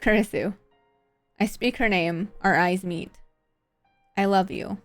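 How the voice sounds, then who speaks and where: A woman reading the lines of an awkward, oblivious young male scientist in earnest, halting first-person narration. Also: medium pitch, dry recording, soft background music, natural voice.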